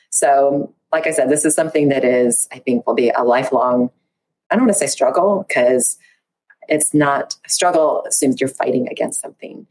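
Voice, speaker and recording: Guest: woman, low and slightly husky, thoughtful, quoting her own inner voice. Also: moderate pace. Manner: reflective, acts out her own inner dialogue with animated pitch lifts. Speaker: researcher and podcast guest. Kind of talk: candid conversational interview.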